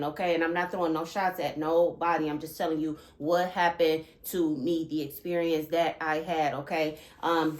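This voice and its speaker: A woman hosting her own channel, talking earnestly about spiritual experiences and often checking in with listeners by asking "okay?". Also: lowish voice. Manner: animated and emphatic when recounting disturbing thoughts. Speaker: channel host. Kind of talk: earnest spiritual vlog talk.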